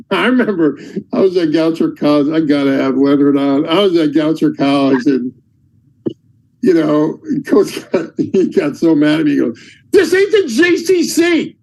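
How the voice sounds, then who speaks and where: A high-pitched man hosts a casual podcast chat. He talks in animated bursts, slipping into the voices of yelling coaches as he tells his stories. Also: moderate pace, vocal fry, low-quality recording. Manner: animated storyteller, acts out shouting coaches. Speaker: podcast host and basketball coach.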